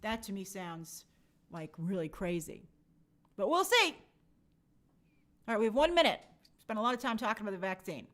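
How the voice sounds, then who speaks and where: A woman's voice: medium pitch, sing-song, moderate pace, long pauses, fairly bright tone. A woman hosting a casual live stream, chatting and reading viewer comments aloud. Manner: chatty, reads comments aloud and answers them.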